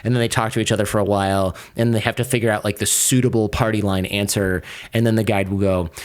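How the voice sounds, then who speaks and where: A man's voice: fairly low pitch, steady tone, fast, clear, resonant tone. Man telling stories with mimicked voices. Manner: acts out quoted voices, sarcastic, swears casually. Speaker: podcaster and lawyer, guest. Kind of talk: animated storytelling in conversation.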